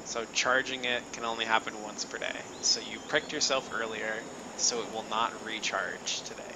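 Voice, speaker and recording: A man's voice: fairly low pitch, steady tone, normal speed, gravelly, background noise. A man running a tabletop game as game master over voice chat, explaining rules step by step with fillers. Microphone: online voice call.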